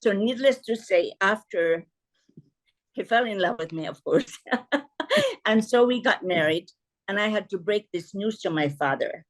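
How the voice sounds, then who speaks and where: An older woman from the Philippines, a podcast guest telling stories from her life with animated delivery and frequent laughter. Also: medium pitch, a little slow, long pauses. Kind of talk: casual storytelling interview.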